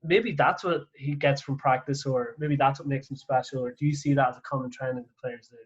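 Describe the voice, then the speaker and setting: A man's voice: mid-range voice, steady tone, brisk, slightly rough. A man who coaches golf and hosts the chat, talking casually and hesitantly, filling his sentences with "like" as he searches for words. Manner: hesitant, filler-heavy speech with many likes. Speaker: golf coach and podcast host. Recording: dull lo-fi sound.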